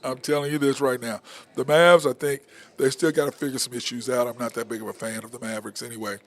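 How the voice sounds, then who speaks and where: A man's voice: medium pitch, fairly even intonation, fast talker. Blunt, fired-up male sports talk host. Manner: blunt, fired-up ranting with repeated phrases. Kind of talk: opinionated sports talk monologue.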